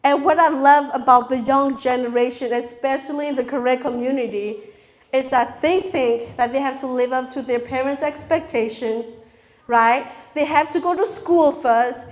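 High-voiced woman preaching in English, her third language. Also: steady tone, normal speed. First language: not English (English is her third language). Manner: earnest, confessional, asks the audience "okay?" often. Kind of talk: sermon.

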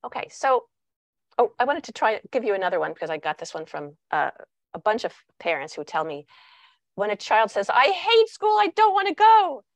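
Woman speaker, parenting talk, lively delivery, dry sound. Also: lowish voice, a little fast, no room sound. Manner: animated, acts out quoted dialogue. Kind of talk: presentational talk.

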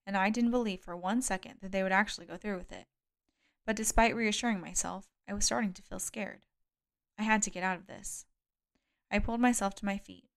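A woman reading a first-person thriller audiobook in a measured, steady narration. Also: mid-range voice, clear, resonant tone. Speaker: audiobook reader.

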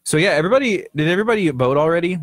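A man's voice: on the high side, lively intonation, rapid-fire, no room sound. A man co-hosting a radio show, chatting casually and rambling, often trailing off mid-thought. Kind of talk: casual talk-radio banter. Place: radio studio.

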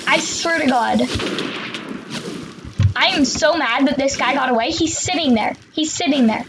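A woman commentating on her own gameplay, excitable and swearing, with sudden shouts between quieter muttering. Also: sits high, moderate pace, noisy background. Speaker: gamer.

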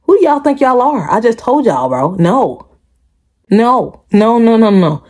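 A woman's voice: fairly high pitch, measured pace, slightly rough, faint music behind. A woman hosting a reaction video, chatting casually and emphatically to her viewers and repeating her points. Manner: animated, emphatic, repeats herself, addresses viewers directly.

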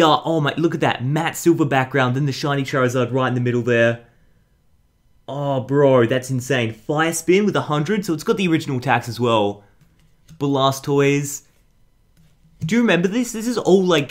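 A young man hosting an excited card unboxing, hyped and full of slang. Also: a little high. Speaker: YouTube host.

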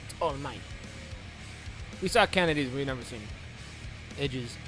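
Speaking at a medium pitch and measured pace, a young man rambles and jokes over a wrestling video game, now and then slipping into mock play-by-play. Game music plays behind him in an echoey room.

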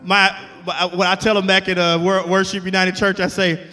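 Brief: high-voiced man, guest pastor, bright tone, echoey church with music under him. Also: flat delivery, normal speed. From Alabama, USA. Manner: call-and-response preaching, building to shouts. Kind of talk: sermon. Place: church sanctuary.

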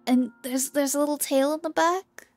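A woman's voice: high-pitched, steady tone, moderate pace, faint music behind. A young woman streaming a game, chatting casually and bubbly with viewers, often giggling. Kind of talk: casual game livestream chat.

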